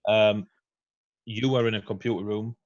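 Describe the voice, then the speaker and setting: Brit guy running a tabletop game, lowish voice, lots of ums and laughs, kinda muffled call audio. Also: normal speed. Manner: relaxed, laughing often, many ums and uhs. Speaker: game master.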